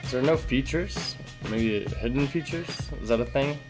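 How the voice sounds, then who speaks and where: A man's voice: mid-range voice, normal speed. A man hosting a music reaction, chatting casually and with enthusiasm, rambling and laughing often. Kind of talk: casual album reaction commentary. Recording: music playing in the background.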